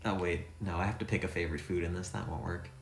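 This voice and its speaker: A man's voice: sits low, steady tone, fast talker, vocal fry. A man streaming a game, rambling and thinking aloud with a self-deprecating, offhand manner. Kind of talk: casual let's-play commentary. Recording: echoey room sound.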